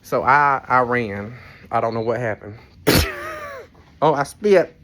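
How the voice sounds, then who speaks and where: Tipsy vlogger, mid-range voice, loose rambling storyteller who curses freely. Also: male voice, mid-range voice, slow, fairly bright tone. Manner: chatty, rambling, frank asides and mild cursing. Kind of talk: casual storytelling vlog. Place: cabin on a cruise ship.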